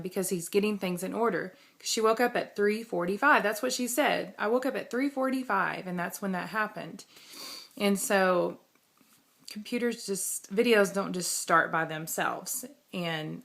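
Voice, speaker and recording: A woman's voice: medium pitch, gravelly, fairly bright tone. A woman, talking casually and rambling in a vlog, laughing often. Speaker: vlogger.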